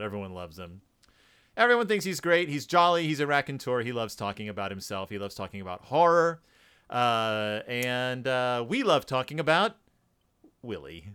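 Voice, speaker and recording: A man co-hosting a casual podcast about a book, talking in an animated, joking way and putting on quick voices for quotes. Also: medium pitch, clean tone. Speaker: podcast co-host.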